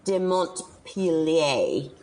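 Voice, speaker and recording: An animated woman with a fairly low voice that swings widely up and down as she talks. She chats casually about a film, laughs often and acts out her own reactions. She speaks as a podcast co-host reviewing the film. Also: very slow.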